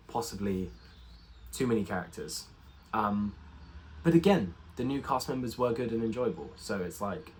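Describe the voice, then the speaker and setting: Guy, lowish voice, chatty film review, lots of ums and restarts. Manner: rambling, full of ums and restarts. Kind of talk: casual spoken review.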